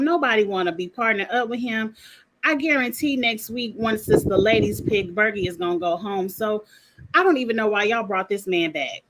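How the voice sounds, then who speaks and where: A woman's voice: fairly high pitch, fairly bright tone, poor audio. A woman recapping a reality show in a casual, blunt, sassy way, full of slang and asides.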